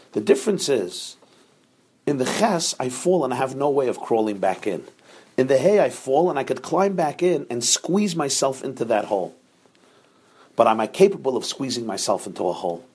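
A man a husky, slightly breathy voice gives a Torah lesson. He speaks, moving patiently through each point and stopping to ask his listeners "right?" His pitch sits in an ordinary middle range for a man. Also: darkish tone. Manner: explains step by step, often checking with 'right?'. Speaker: Torah teacher. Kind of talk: Torah class lecture.

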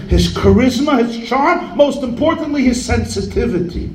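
A man's voice: very high-pitched, normal speed, a little mellow, roomy sound, slight background noise, low-quality recording. A man giving a humorous sermon as a rabbi, telling stories and jokes sprinkled with Yiddish words.

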